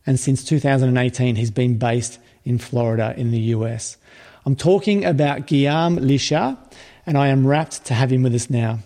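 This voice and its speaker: A man's voice: medium pitch, normal speed, mellow. A man hosting a podcast, reading promos and a guest introduction in an upbeat way. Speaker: podcast host.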